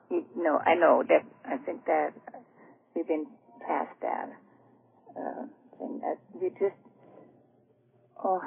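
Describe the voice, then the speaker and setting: A woman calling in to a radio show, speaking in a hesitant, halting, heartfelt way. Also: low voice, gravelly. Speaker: caller. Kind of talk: radio call-in conversation. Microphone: telephone. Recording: tinny phone line with faint noise.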